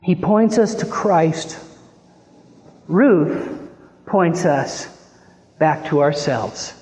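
Impassioned high-voiced preacher in a reverberant hall. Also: male voice, lively intonation, extremely slow. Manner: impassioned preaching, swinging between hushed and rising pleading. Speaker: pastor. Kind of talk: sermon.

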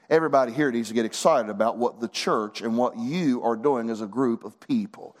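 A man's voice: mid-range voice, fairly quick, hardly any pauses. A middle-aged man preaching a sermon as pastor, folksy and fervent, building to emphatic bursts.

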